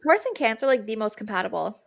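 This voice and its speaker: A young woman in her twenties co-hosting a podcast, bubbly and excitable, laughing a lot in casual chat. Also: fairly high pitch, very fast, vocal fry. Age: 20s. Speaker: podcast co-host.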